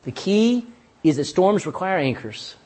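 A man's voice: sits high, big pitch swings, unhurried, darkish tone. A pastor preaching a sermon in church, folksy and emphatic, talking straight to his congregation.

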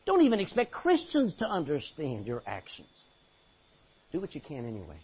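A man's voice: on the high side, wildly swooping pitch, moderate pace, a little hiss or hum. A man preaching a sermon, exhorting the congregation with rhetorical questions, in a muffled lo-fi recording. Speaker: pastor.

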